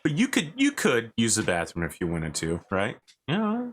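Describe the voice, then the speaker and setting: A man narrating as game master in a relaxed, joking way. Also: mid-range voice, moderate pace, a little hiss or hum.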